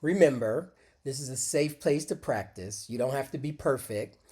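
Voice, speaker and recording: A man teaching a short English lesson, speaking deliberately and modeling phrases for learners to repeat. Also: mid-range voice, dark tone, husky. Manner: slow, deliberate, encouraging, models phrases aloud for repetition. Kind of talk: scripted micro-lesson with screen demo.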